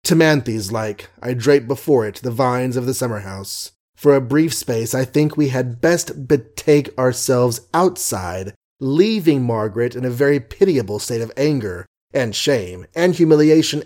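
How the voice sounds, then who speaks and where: A man reading a novel aloud as an audiobook narrator, measured, wry and ornate. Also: medium pitch, lively intonation, darkish tone.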